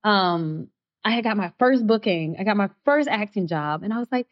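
A woman speaking as a guest in a candid interview, expressive and heartfelt, her voice rising when she gets excited. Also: mid-range voice, moderate pace, dull audio. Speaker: actress guest.

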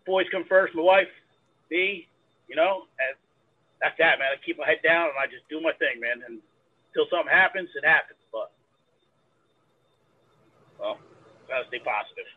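Husky-voiced man rambling over a phone line. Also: a little high, normal speed, long pauses. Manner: rambling, profane, says man a lot. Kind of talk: casual chat. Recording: phone-like narrow sound.

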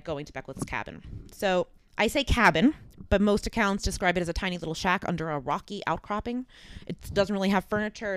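A woman co-hosting a podcast, casually telling a true-crime story and reading old newspaper accounts. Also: fairly low pitch. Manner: lively storyteller, acts out quoted voices. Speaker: podcast co-host.

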